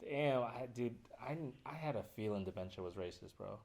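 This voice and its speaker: A man's voice: medium pitch, animated, fairly quick, a little mellow. A man co-hosting a comedy podcast, joking and bantering in casual chat. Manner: joking, short interjections and crude banter.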